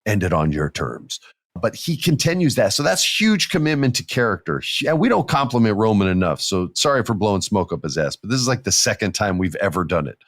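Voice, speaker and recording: Animated low-voiced man retelling wrestling. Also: a little fast, no echo, studio quality. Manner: animated storyteller, acts out wrestlers' lines. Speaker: podcast co-host. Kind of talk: casual wrestling podcast chat.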